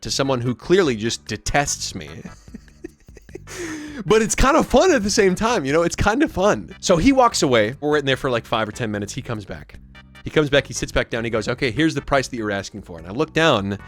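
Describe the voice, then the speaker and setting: A young man casually telling a rambling story to his stream audience, often mimicking the people he quotes. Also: mid-range voice. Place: home streaming setup. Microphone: studio mic.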